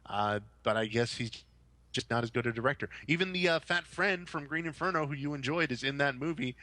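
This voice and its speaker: Young adult man, casual podcast chat, forceful bright tone, close dry sound, animated rambling. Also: mid-range voice, fairly quick, dry recording. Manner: rambling, animated storytelling with mock-quoted voices. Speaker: podcast co-host.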